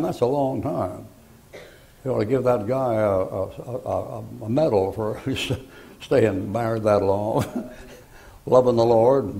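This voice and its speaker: An older man preaching a sermon, telling folksy stories and breaking into loud, emphatic bursts. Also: medium pitch, gravelly, poor audio. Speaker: pastor.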